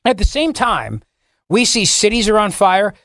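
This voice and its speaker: A man with a fairly high voice hosts talk radio from a dry, close studio mic. He rants with indignation and sarcasm and slips in mocking asides. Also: sing-song, unhurried, pushed and bright, dry recording. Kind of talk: political talk radio commentary. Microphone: studio microphone.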